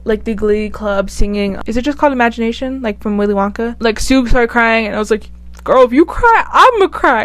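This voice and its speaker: A woman vlogger giving casual, chatty and animated commentary. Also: a little high. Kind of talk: casual tier-list commentary.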